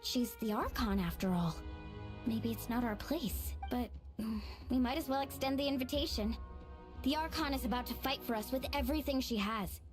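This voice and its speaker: A woman voicing a cheerful, energetic young woman in a game, chatty and enthusiastic. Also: a little high, moderate pace, natural voice. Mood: thoughtful. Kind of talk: game voice acting. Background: game music.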